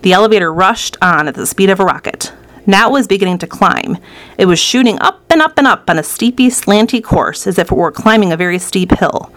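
A woman reading a children's storybook aloud in a lively, expressive way. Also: mid-range voice, brisk, no room sound. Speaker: narrator.

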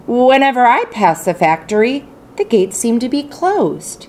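A woman's voice: a little high, big pitch swings, measured pace, darkish tone, a little hiss or hum, pitched above the performer's own voice. A woman voicing a curious, eager young boy in an audiobook reading, asking breathless, wide-eyed questions.

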